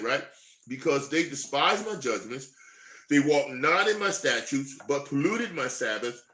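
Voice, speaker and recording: A man preaching, reading scripture verses slowly and then breaking into heated, emphatic commentary. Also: medium pitch, sharp tone, roomy sound.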